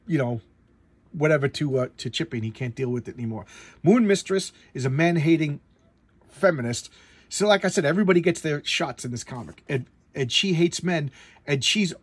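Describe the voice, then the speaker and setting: A man's voice: a little high, slightly rough, no echo. A man giving casual comic book commentary, rambling with stumbling restarts and blunt opinions.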